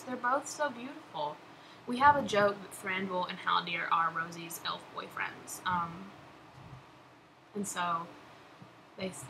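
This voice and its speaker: A woman's voice: fairly low pitch, bright, forceful tone, rough recording. A young woman chatting casually on her vlog, answering follower questions in a gushing, laughing way. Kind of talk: casual chat. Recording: background noise.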